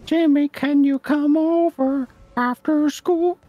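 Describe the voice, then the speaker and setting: A lovesick zombie , put on by a woman, moans its lines in a very high, stretched-out wail. The words drag slowly and sound thin and distant. It is a silly, theatrical voice made up mid-game. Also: fairly even intonation, mellow, faint music behind. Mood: moaning longing. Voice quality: drawn-out high moaning. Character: moaning zombie, lovesick for Jimmy.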